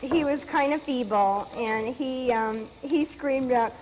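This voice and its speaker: A woman's voice: high-pitched, a little mellow, a little hiss or hum, poor audio. A middle-aged woman co-hosting a comedy cooking show, bantering and teasing her partner while she stirs. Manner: playful, teasing, quick comebacks. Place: TV studio kitchen with live audience.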